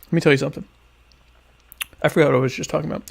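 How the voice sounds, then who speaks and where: A young adult man hosting a podcast, answering listener questions in a deadpan, ironic, rambling way while eating dinner. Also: on the high side, racing, creaky, slightly rough. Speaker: podcast host. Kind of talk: casual solo chat answering listener questions.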